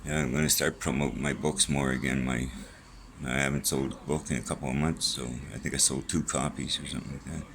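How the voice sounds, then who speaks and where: Very deep-voiced rambling man. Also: little pitch movement, fairly quick, creaky, noisy background. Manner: rambling, profane, jumping between topics. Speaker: vlogger. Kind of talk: rambling casual monologue. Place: small room at home with a fan on.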